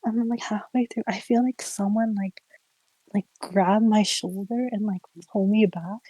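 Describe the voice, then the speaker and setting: A young woman streamer casually telling a ghost story, animated and giggly, full of "like" fillers. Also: mid-range voice, normal speed, breathy edge, no echo, low-quality recording. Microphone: streaming mic.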